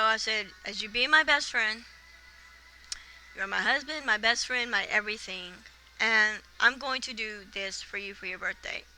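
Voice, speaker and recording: Woman vlogger, 30s, casual indignant storyteller, keen bright tone. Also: on the high side, rough recording. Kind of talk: casual rant to camera.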